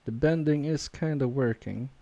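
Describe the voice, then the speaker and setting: This man's mid-range voice is creaky, and the audio sounds dull; he talks at normal speed. Live-streaming an electronics repair, he muses aloud with uncertainty, second-guessing himself, dropping fillers and trailing off. He stays quietly focused, muttering under his breath as he goes.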